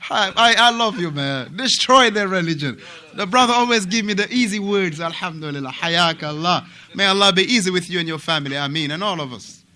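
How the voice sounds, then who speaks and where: Animated African man teaching a mosque class. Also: high voice, fairly quick, few pauses. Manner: animated, repeats words and asks students questions. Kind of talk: religious class lecture.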